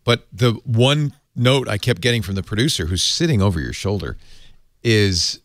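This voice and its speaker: A man hosting a casual tech talk show, animated and quick, laughing often, in a studio. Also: on the low side, dry recording. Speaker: podcast host. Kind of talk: casual chat. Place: radio studio.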